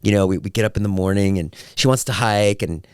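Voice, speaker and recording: A man's voice: fairly low pitch, fast, clear, resonant tone, no room sound, studio quality. A man hosting his own podcast, chatting casually and acting out quotes as he tells stories. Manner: animated storyteller, acts out quotes. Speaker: podcast host. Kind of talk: casual solo podcast chat.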